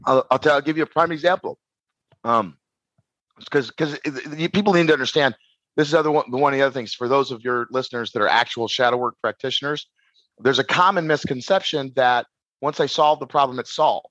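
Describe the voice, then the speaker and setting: A man talks about inner work as a podcast guest, looping back over his words and restarting his sentences. He has a middle-pitched voice. The recording is dry and a little dull. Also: brisk, no room sound. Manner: rambling, repeats words and restarts, animated. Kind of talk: casual podcast conversation.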